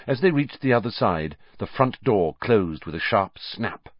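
A man narrating an audiobook in an expressive storytelling manner. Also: lowish voice, measured pace, no echo, muffled recording. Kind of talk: scripted narration.

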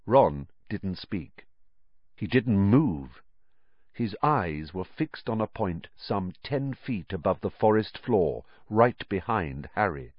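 A man reading a story aloud as narrator, with expressive storytelling. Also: on the low side, slow, no room sound, highs cut off. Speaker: audiobook narrator. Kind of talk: scripted narration.

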